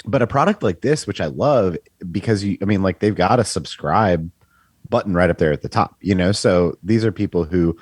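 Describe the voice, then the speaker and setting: A man's voice: deep voice, normal speed, a little mellow, breathy edge, no room sound. A man co-hosting a casual business podcast on a video call, rambling loosely and filling his talk with "you know" and "like". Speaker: podcast co-host.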